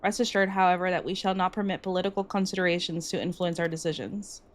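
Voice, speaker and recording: A woman's voice: lowish voice, steady tone, quick pace, close to an everyday voice. Woman reading as a resolute lady leader. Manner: reads formal speeches aloud.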